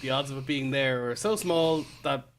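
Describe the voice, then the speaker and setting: A man's voice: mid-range voice, moderate pace, a little hiss or hum. A man co-hosting a casual review podcast, chiming in with dry, jokey remarks. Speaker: co-host.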